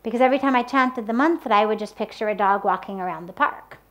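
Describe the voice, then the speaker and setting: A woman giving a spiritual talk on the power of sound, speaking deliberately and using everyday examples. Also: medium pitch. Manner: slow, deliberate, with spoken examples. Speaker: spiritual teacher. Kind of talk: spoken talk on mantras.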